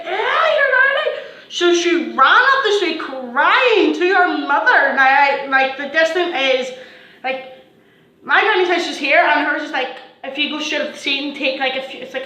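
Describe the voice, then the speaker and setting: A woman's voice: sits high, highs cut off. A teenage girl telling a storytime vlog, swearing a lot and acting out what people said. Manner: animated, swearing, acting out quotes in bursts. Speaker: vlogger. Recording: echoey room.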